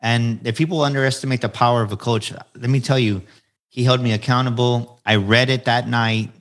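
A man's voice: medium pitch, steady tone, a little fast. A man in his forties, a podcast guest, telling his story in an earnest, motivational way and repeating phrases for emphasis. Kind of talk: candid storytelling interview answers.

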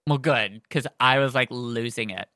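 Excitable bookish podcast host, bright close sound, says like a lot. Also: medium pitch, normal speed, clear, resonant tone, no echo. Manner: gushing, lots of fillers and "like". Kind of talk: excited casual chat and read-aloud.

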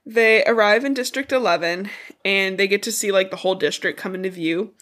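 A woman's voice: medium pitch, a little fast, fairly bright tone. A congested woman with a stuffy nose, co-hosting a podcast and loosely recapping a book in casual chat, swearing as she goes. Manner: chatty, loose retelling with swearing and asides. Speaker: podcast co-host.

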